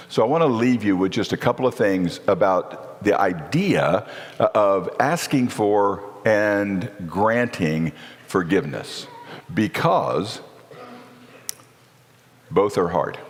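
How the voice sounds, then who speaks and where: A middle-aged man giving a sermon at a marriage seminar in a church, speaking earnestly and conversationally and often asking his listeners questions. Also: medium pitch. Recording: long reverb of a church hall.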